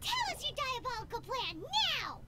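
A woman voicing a tiny, chirpy fairy companion in a video game, with a bouncy, squeaky voice. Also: wildly swooping pitch, normal speed, heavy background noise, full character voice. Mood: bossy. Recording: game audio under loud music.

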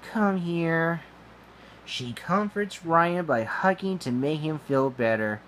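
A man reading a children's storybook aloud. He reads slowly and haltingly, stumbling over grammar. His voice sits a little high and moves up and down. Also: animated, a bit bright, slight background noise.

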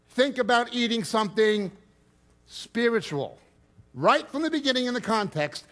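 A man's voice: sits high, a bit bright. A man giving an expository Bible teaching, reading scripture aloud and explaining it with emphatic stress that rises and drops sharply.

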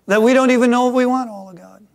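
A middle-aged man from Michigan preaching a sermon as pastor, swinging from quiet asides to loud emphatic peaks. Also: very high voice, steady tone, quick pace. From Michigan, USA.

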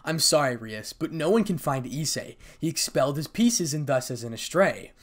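A man's voice: a little high, animated, normal speed. A man reading as a grave noble elder brother. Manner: grave, apologetic.

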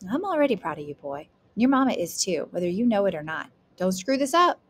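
A woman's voice: medium pitch, big pitch swings, fairly quick, natural voice. Brief: folksy scolding grandmother, woman reader doing the voice for a storybook, faint hiss behind. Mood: tender. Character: stern proverb-quoting grandmother, loving.

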